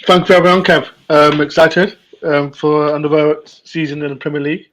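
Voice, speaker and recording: A man's voice: fairly high pitch, fairly even intonation, a little fast, fairly bright tone. A man guesting on a football chat, talking casually and rambling with lots of hesitations. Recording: dull lo-fi call audio.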